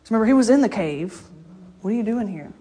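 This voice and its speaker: Husky woman preaching. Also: medium pitch, lively intonation, fast talker, warm tone. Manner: conversational storytelling, laughs often. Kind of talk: informal sermon.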